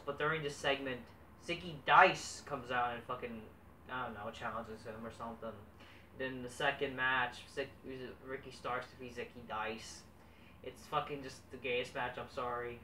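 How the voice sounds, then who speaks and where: A young man giving a rambling, profane, excitable casual review of a wrestling show. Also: mid-range voice, far from the mic. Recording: echoey room, off-mic, faint noise.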